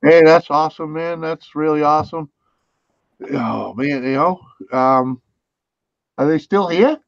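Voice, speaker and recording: A man's voice: fairly high pitch, unhurried, no echo. A man hosting a casual livestream chat, easygoing and self-deprecating, laughing often. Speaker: livestream host. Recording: dull, dry lo-fi sound.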